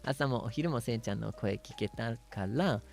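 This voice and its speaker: A man's voice: medium pitch, fast talker, vocal fry, darkish tone, faint music behind. A man hosting a casual chat stream, reading viewer messages in a playful, giggly way and mixing English and Japanese with cat-like "nyan" sign-offs. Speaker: streamer host.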